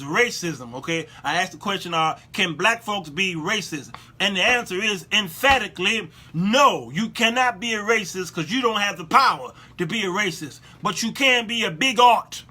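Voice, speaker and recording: A male show host giving preachy, sarcastic commentary, animated and repetitive. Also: high voice.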